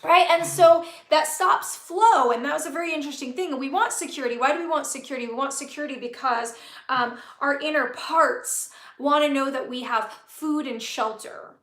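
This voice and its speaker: A woman's voice: high voice, moderate pace, fairly bright tone, echoey room. A woman hosting a live-stream talk as a spiritual business coach, speaking earnestly with many fillers and repeated phrases.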